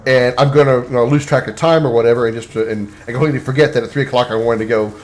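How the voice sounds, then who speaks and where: A man's voice: mid-range voice, steady tone, quick pace. A man streaming a game, chatting casually and rambling with lots of restarts. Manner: rambling, many restarts and fillers. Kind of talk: casual chat while gaming.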